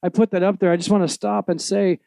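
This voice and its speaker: A man's voice: sits high, little pitch movement, quick pace, creaky, warm tone, no echo. A middle-aged man preaching a live sermon to an audience, fervent and emphatic, asking the crowd rhetorical questions. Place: live event before an audience.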